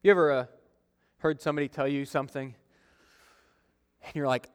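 A man's voice: a little high, fairly even intonation, brisk, pauses often, clear, resonant tone. A young adult man preaching a conversational sermon as a pastor, telling stories and acting out quotes. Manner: conversational, storytelling with acted-out quotes. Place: church sanctuary. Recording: long reverb of a church hall.

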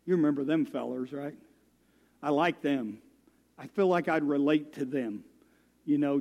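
A man's voice: on the high side, darkish tone, big-room sound. A man preaching as a guest speaker, folksy and self-deprecating, telling stories. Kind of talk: sermon. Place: church.

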